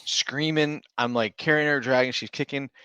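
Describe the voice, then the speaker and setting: A man's voice: mid-range voice, fairly even intonation, moderate pace, bright, forceful tone, clear, resonant tone, no echo. A man in his thirties, a stay-at-home dad co-hosting a podcast, telling a long rambling story in casual chat with restarts and laughs.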